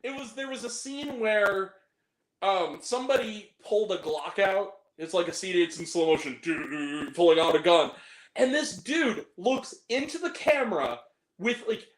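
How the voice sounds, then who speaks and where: A man co-hosting a casual podcast chat about movies, animated, swearing freely and breaking into laughter and exaggerated reactions. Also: sits high, normal speed, reverberant, poor audio. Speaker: podcast co-host.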